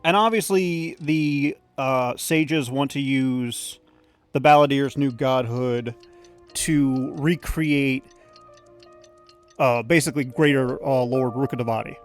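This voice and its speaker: A man's voice: medium pitch, slow pace, smooth, soft background music. A man hosting a let's play, giving casual, rambling, opinionated commentary and swearing casually.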